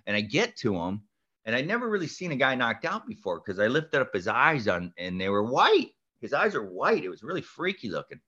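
A man spins an animated story as a podcast guest, his pitch leaping around as he acts out each voice and shouts the big moments. His voice is bright and ringing, though the recording sounds dull and lo-fi. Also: brisk. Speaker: podcast guest, golf instructor.

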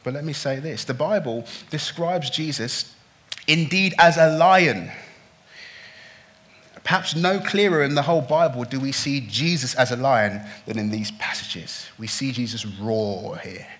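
A man preaching a sermon, swinging from hushed, slow lines to loud, pleading outbursts. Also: mid-range voice. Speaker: pastor.

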